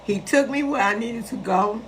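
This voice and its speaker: Chatty woman in her sixties, high-pitched. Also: moderate pace, fairly bright tone, a little hiss or hum. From west side of Chicago. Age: 60s. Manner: chatty, emphatic, speaks straight to viewers. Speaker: host addressing live viewers. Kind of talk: casual live-stream storytelling.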